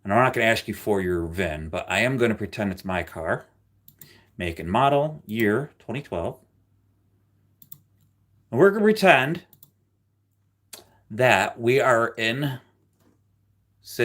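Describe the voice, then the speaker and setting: A man's voice: lowish voice, unhurried, long pauses. A man hosting a live stream in casual chat, joking and teasing his viewers. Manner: joking, teasing, animated, often slips into loud playful bursts. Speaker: livestream host.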